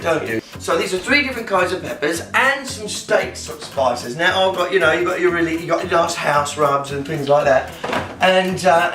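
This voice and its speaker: A rambling, silly English home cook, put on by a man in a fake English accent, chatting his way through a recipe. The sound is roomy and picked up from across the kitchen, with loud music playing behind. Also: high-pitched, far from the mic, close to an everyday voice. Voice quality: rambling, silly, self-talking. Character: chatty British alter ego of the man, cooking. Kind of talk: cooking demonstration in character.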